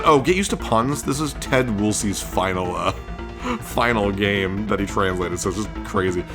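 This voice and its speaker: A man hosting a let's-play, chatting excitedly through his gameplay and laughing often. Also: on the low side, moderate pace. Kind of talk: gameplay commentary. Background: game music.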